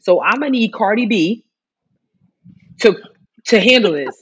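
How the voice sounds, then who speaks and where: A woman's voice: medium pitch, lively intonation, moderate pace, long pauses, husky. A woman co-hosting a casual podcast, chatting about the news with many restarts and fillers. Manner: chatty, lots of likes and restarts. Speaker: podcast co-host. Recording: dull lo-fi sound.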